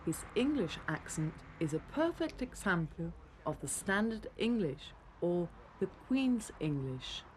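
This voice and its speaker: Woman, scripted narration, clear teacherly tone, lively intonation, faint background noise. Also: fairly low pitch, a little slow, few pauses. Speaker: programme narrator.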